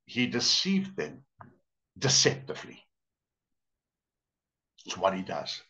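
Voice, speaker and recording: Animated preacher. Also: male voice, deep voice. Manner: storytelling, emphatic with drawn-out words. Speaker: pastor. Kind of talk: sermon. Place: church service.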